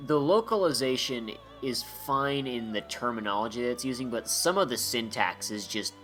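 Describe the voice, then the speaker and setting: A man's voice: medium pitch, normal speed, a bit bright. A man doing let's-play commentary, reading game text aloud between joking, sarcastic, rambling asides. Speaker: gameplay commentator. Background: faint game music.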